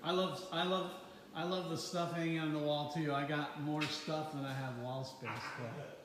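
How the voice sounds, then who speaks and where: A man's voice: fairly high pitch, fairly even intonation, moderate pace, fairly bright tone, slight background noise. Upbeat male interviewer in a roomy space. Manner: upbeat, enthusiastic, repeats words. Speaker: interviewer, event organizer. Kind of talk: casual interview. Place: a shop, indoors. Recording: roomy echoey sound.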